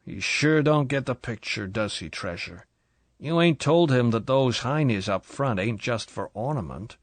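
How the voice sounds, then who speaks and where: A man's voice: mid-range voice, expressive, unhurried, dry recording. Guy playing a drunk big shot, sneering, slurry, picks each word out. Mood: menacing drunk. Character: drunk crude American male tycoon, bullying.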